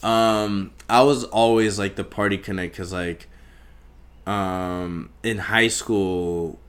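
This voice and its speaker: A young man hosting a podcast, telling a story in a casual, profane, animated way and acting out the scenes. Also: low voice, slow. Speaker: podcast host.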